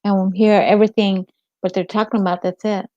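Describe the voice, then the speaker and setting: A woman's voice: mid-range voice, level tone, brisk, warm tone, dry recording. A woman hosting a casual livestream chat, rambling and answering viewers' comments by name. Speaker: livestream host. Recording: dull lo-fi stream audio.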